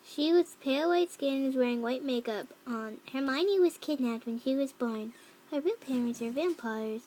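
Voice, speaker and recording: A woman voicing a young cat-girl troll who reads a fanfic aloud, with flat narration, mocking asides and yelled quotes. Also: high voice, normal speed, a little hiss or hum. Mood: deadpan reading. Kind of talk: fan reading of a story.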